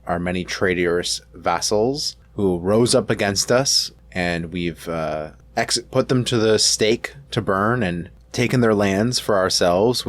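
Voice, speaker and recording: A man hosting a let's play, talking casually through his strategy game and correcting himself as he goes. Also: sits low. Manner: rambling, self-correcting, thinks aloud.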